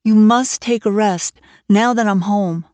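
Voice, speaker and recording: A woman reading the part of a bright, earnest young woman who speaks eagerly and tenderly, for an audiobook. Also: medium pitch, measured pace, dry recording, lightly acted.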